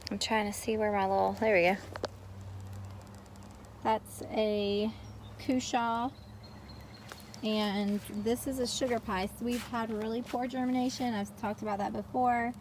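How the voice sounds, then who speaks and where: A homestead vlogger strolls through her backyard garden holding a phone camera, giving a chatty, rambling tour while slightly out of breath and addressing her kids and dog. She speaks a little high in a level, unhurried, mellow way, pausing often, with slight background noise.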